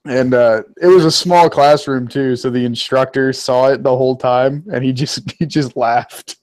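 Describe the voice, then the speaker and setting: A man's voice: mid-range voice, fairly even intonation, normal speed, a little mellow, no echo. A young man in casual chat, joking wryly about college classmates and swearing casually. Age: young adult.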